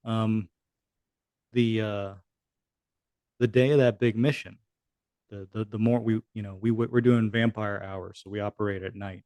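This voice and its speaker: A man's voice: on the low side, fairly even intonation, unhurried, long pauses, darkish tone, dry recording. A man in his thirties, a military veteran guest on a podcast, telling a war story in a casual, profane way. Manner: casual, profane, acts out quoted dialogue. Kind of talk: conversational storytelling.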